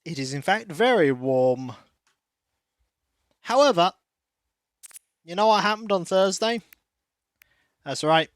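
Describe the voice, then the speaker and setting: Slow, chatty male game streamer. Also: high-pitched, lively intonation, no room sound. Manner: chatty, rambling, greets chat by name, coos softly to his cat. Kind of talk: casual stream chat. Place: warm room at home.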